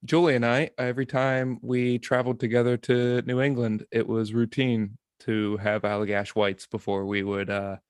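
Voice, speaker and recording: A man hosting a podcast in casual chat, talking in a halting way with restarts. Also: mid-range voice, level tone, clean tone, no echo, clean studio sound. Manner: halting, with restarts and drawn-out pauses.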